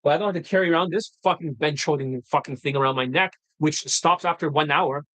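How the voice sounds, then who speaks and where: A man's voice: a little high, fast talker, poor audio. A man hosting a dating-coach livestream, talking off the cuff in a blunt, profane, combative way that keeps flaring into heated outbursts. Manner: excitable, rising into heated outbursts. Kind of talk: unscripted livestream rant.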